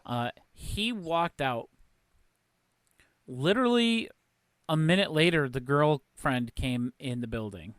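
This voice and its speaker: A man's voice: fairly high pitch, expressive, takes it slowly, long pauses, fairly bright tone, smooth, dry recording. A man co-hosting a podcast in casual chat, recounting an incident step by step. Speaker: podcast co-host.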